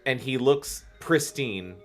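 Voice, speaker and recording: A man's voice: mid-range voice, animated, takes it slowly, faint music behind. A man co-hosting a casual podcast chat, laughing often and reading a book aloud. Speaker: podcast co-host.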